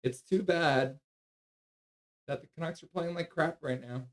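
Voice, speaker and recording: A man hosting a live hockey stream, calling the play, reading chat and cooing at his dog in soft baby talk. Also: fairly high pitch, unhurried. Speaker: streamer host.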